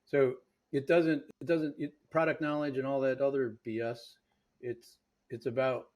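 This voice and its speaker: A man's voice: medium pitch, little pitch movement, normal speed, darkish tone. A man hosting a podcast and coaching salespeople, speaking emphatically in casual conversation.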